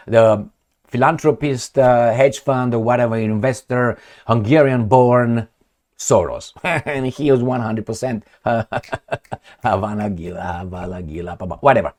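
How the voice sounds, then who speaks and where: A man's voice: mid-range voice, unhurried, a little mellow. A man giving rambling, sarcastic political commentary on his own, swearing and laughing often.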